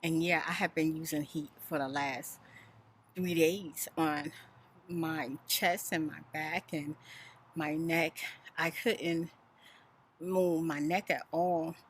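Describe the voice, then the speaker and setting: A woman telling a story in a soft-spoken, chatty, animated way. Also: sits low, takes it slowly, a little hiss or hum. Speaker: ASMR vlogger. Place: home in Houston.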